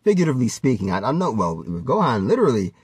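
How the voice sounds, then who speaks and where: A man's voice: medium pitch, wildly swooping pitch, racing, a little mellow, slightly rough, no echo. A man giving a rambling, casual commentary, laughing often and swearing freely as he talks. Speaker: vlogger.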